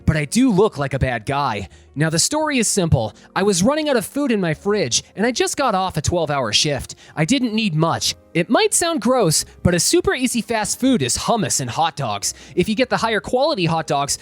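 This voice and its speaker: Lively, expressive male story reader. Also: sits high, dry recording. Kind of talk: reading online stories aloud with commentary. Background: faint background music.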